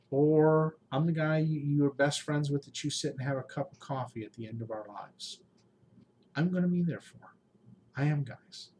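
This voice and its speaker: Man, late forties, emotional vlog update, heartfelt, pleading, halting, faint background noise. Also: on the high side, a little mellow. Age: 40s. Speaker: YouTube game master channel host. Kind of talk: emotional personal update to followers.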